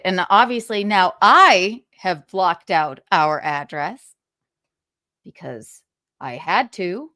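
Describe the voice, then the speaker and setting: A woman's voice: on the low side, lively intonation, slow pace, fairly bright tone, no room sound, studio quality. A young woman hosting a livestream, ranting with profanity and sarcasm. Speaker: podcast host.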